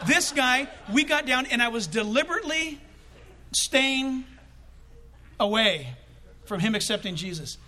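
High, bright, animated male preacher. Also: a little slow, pauses often. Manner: storytelling with acted-out quotes, bursts of laughter. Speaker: preacher telling a personal story. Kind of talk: animated sermon anecdote.

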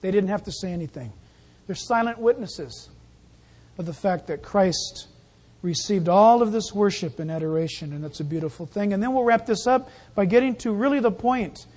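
A pastor giving a sermon in an animated, jokey way, acting out the scenes. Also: medium pitch, normal speed.

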